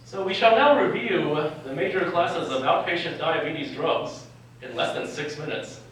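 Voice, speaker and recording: A man's voice: fairly high pitch, moderate pace, fairly bright tone, slight background noise. A young man from California, a doctor speaking to medical students at a live event, joking and chuckling often, recorded from far off in a lecture hall. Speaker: physician and medical educator.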